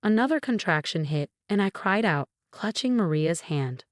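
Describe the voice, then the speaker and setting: A woman's voice: mid-range voice, animated, moderate pace, dry recording, clean studio sound. A woman narrating a first-person revenge story in an emotional, dramatic storytelling manner.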